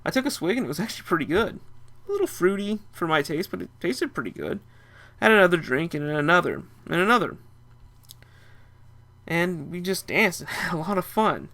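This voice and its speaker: A man's voice: high-pitched, animated, fairly quick, bright, forceful tone. A young man narrating a first-person story in a casual, chatty way.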